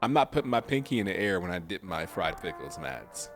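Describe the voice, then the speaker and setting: A man's voice: sits low, sing-song, a little fast, soft background music. A man casually commenting while streaming a video game, joking and laughing often. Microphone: desk mic with webcam.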